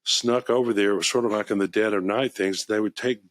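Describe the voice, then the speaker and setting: Enthusiastic low-voiced man, dry close mic. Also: fairly even intonation, fairly quick, a bit bright, no echo. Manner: enthusiastic, rambling storyteller. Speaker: wine shop podcast host. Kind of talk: casual chat.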